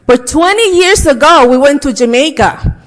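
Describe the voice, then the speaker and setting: A woman's voice: high voice, expressive, normal speed, fairly bright tone. A middle-aged woman hosting a church service, chatting personally as she welcomes everyone. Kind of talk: casual welcome speech. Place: church sanctuary. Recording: long reverb of a large church hall.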